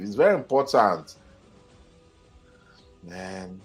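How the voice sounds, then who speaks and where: A man's voice: lowish voice, normal speed, slightly rough, faint music behind. A man with a Nigerian accent hosting a football channel, reading viewers' comments aloud and reacting in a chatty way. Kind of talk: live-stream commentary.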